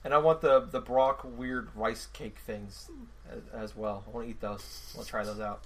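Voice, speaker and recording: A man's voice: mid-range voice, steady tone, moderate pace, a bit bright, a little hiss or hum. A man hosting a casual podcast, rambling, swearing and laughing as he goes. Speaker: podcast host. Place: home room next to a mini fridge.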